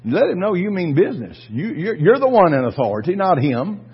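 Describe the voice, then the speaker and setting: Male pastor, fiery sermon, lively husky voice, muffled lo-fi recording. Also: high-pitched, a little fast. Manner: fervent, swings from quiet to shouting.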